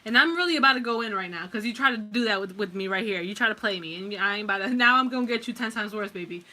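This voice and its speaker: A woman's voice: mid-range voice, fast, pushed and bright. A woman giving a casual pick-a-card tarot reading, blunt and heavily profane, rambling with restarts and fillers as she talks straight to the viewer. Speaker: tarot reader.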